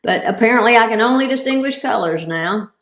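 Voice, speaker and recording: A woman's voice: a little high, expressive, fairly quick, reverberant. A woman giving a humorous, self-deprecating talk as a guest speaker and cancer survivor. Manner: comic, self-deprecating delivery.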